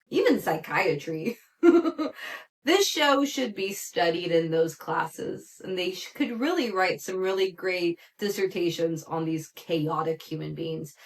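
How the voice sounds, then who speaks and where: Chatty woman podcast host recapping TV. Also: medium pitch. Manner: chatty, animated, frequent "like" fillers and laughs. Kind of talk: casual reality TV recap.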